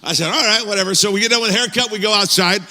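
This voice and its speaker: A male pastor tells a story from the pulpit with animated, self-mocking humor. His voice sits high and sounds very bright. It rings out into a church hall with a long reverb. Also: racing. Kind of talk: storytelling sermon. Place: church auditorium.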